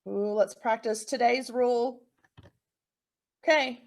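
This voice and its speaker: A woman teacher giving a recorded phonics lesson to young children, encouraging them and sounding out words slowly. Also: fairly high pitch, fairly even intonation, vocal fry.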